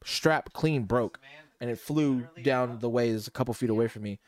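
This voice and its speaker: A young man on a casual podcast, telling a long story among friends in an animated, rambling way and acting out what people said. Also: medium pitch, moderate pace. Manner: rambling, animated, acts out quotes. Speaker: podcast co-host.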